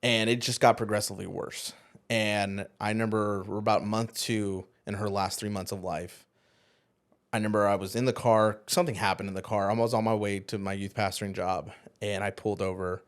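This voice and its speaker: A man, a podcast co-host and former youth pastor, telling a painful personal story in an earnest, halting way that often trails off quietly. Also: lowish voice, steady tone.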